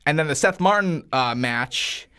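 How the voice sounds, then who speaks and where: Guy in his 30s, pretty high voice, swears a lot, tells wild stories and acts out the quotes. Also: measured pace, clear, resonant tone. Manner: profane, animated storytelling with acted-out quotes. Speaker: podcast host. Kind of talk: casual storytelling chat.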